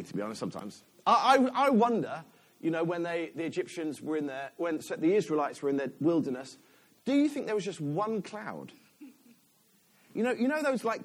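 A middle-aged man preaching a sermon, chatty and animated, often breaking off into restarts and laughs. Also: fairly high pitch, normal speed.

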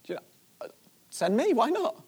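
An eager young shepherd boy, bold and restless, his voice lifted higher and bouncing with excitement, as a preacher acts him out. His questions tumble out one after another. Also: moderate pace, breathy edge, heavily acted.

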